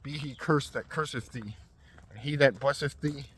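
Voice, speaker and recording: A man reading the part of an aged blind father, solemn and measured, in a scripture reading. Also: mid-range voice, fairly bright tone, slight background noise, lightly acted.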